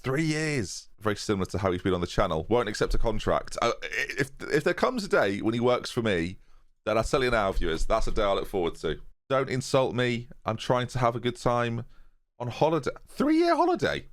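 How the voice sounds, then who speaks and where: A man's voice: mid-range voice, animated, brisk. A young man commentating on his own football-management game, chatting casually and joking to his viewers in rambling asides. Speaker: gaming YouTuber. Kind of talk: casual let's-play commentary. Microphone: USB desk microphone.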